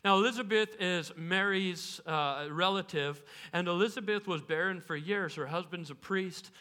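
High, bright-voiced casual preacher. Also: male voice, normal speed. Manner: casual and storytelling, with playful asides. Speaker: pastor. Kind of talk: sermon.

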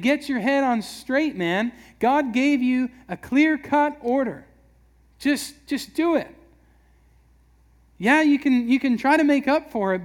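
A man giving a casual, conversational sermon, acting out quick voices for everyday scenes. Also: sits high. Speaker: preacher.

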